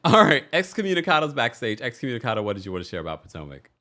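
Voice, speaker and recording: A man's voice: medium pitch, sing-song, very fast, sharp tone, slight background noise. A man with an American accent hosting a casual call-in show, chatty and laughing often. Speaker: podcast host taking callers.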